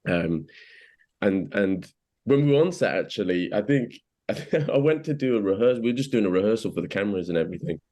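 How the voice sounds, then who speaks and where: Interviewee: English man, very low voice, halting, casual. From England. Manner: hesitant, many restarts and fillers, animated when quoting. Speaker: actor being interviewed.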